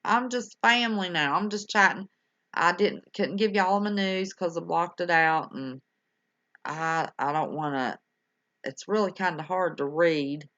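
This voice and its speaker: In an unhurried, lowish voice with a fairly bright tone, an older woman hosts a livestream and chats casually with her viewers. Folksy and affectionate, she calls them honey and y'all. The home stream recording sounds dull and lo-fi.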